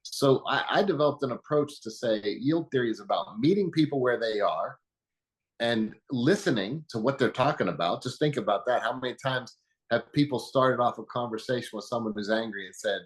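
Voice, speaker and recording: Man, interview guest, calm, explanatory, mid pitch. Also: brisk, poor audio. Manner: calm, teaching, uses metaphors and quoted examples. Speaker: guest, anger management expert.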